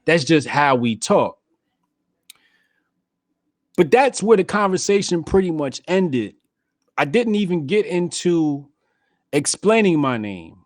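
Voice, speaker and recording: A man's voice: medium pitch, dry recording. A man with a New Jersey accent hosting a casual podcast chat, telling stories bluntly and with profanity. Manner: blunt, profane, storytelling with acted quotes. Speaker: podcast host.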